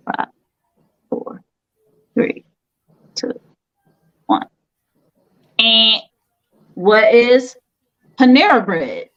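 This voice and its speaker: Slow, playful woman hosting a quiz. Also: a little high, huge pitch swings, fairly bright tone, highs cut off. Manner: playful, teasing contestants. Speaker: game show host.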